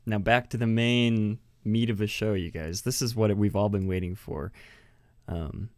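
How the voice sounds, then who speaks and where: A man's voice: on the low side, steady tone, a little slow, a little mellow, no echo. A man from New Mexico hosting a casual podcast, chatty, laughing often and restarting his sentences. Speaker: podcast host.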